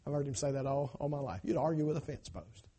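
A man preaching a sermon in church, emphatic and swinging between loud cries and hushed asides, calling on the congregation to answer. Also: medium pitch, quick pace, husky. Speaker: pastor.

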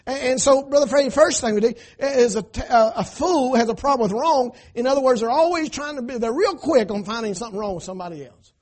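High-voiced preacher man. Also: quick pace, hardly any pauses. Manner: emphatic, swinging between loud cries and hushed asides, call-and-response. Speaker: pastor. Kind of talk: sermon. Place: church.

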